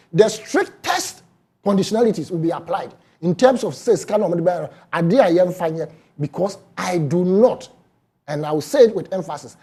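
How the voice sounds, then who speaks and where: Ghanaian man for a TV panel: husky, dark timbre, swinging pitch, emphatic. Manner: emphatic, animated, mixes Twi into English. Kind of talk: heated political debate.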